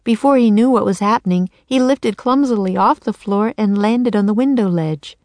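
A woman narrating a children's chapter book in a clear, measured storytelling manner. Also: mid-range voice, a little mellow, no echo. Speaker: audiobook narrator. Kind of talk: children's audiobook reading.

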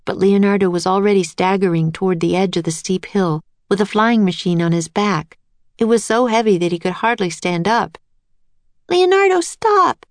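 A woman narrating a children's chapter book aloud in a steady, clear storytelling voice. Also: on the low side, fairly quick, no echo.

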